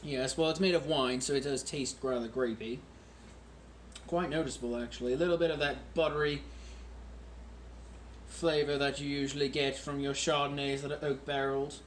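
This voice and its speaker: A man hosting a casual wine-tasting vlog at home in a deliberately put-on British accent, joking and rambling about himself while recording on a phone. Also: mid-range voice, steady tone, a little hiss or hum. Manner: jokey, rambling and self-mocking.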